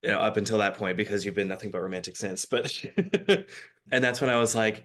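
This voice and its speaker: A man from Michigan, a podcast guest, telling a story in casual, animated chat with frequent laughter. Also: fairly low pitch, fairly quick.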